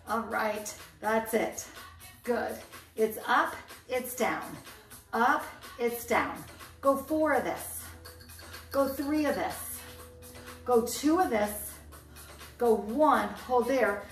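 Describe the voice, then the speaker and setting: Woman, fitness instructor, unhurried counting cues, fairly high voice, roomy echo, faint music behind. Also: recorded from a distance. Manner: upbeat counting cues, chatty asides. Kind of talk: workout instruction. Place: indoor room, filmed alone. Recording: echoey room, off-mic, faint music.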